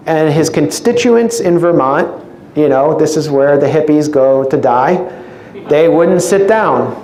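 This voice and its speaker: A man's voice: fairly high pitch, mellow. A man giving a public lecture as an invited speaker, with a wry, sarcastic sense of humor. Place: lecture room with an audience. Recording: echoey room with faint noise.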